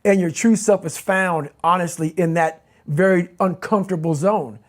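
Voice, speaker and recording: A man's voice: high-pitched, moderate pace. A man giving a motivational interview as the guest, speaking intensely and emphatically and repeating his key phrases.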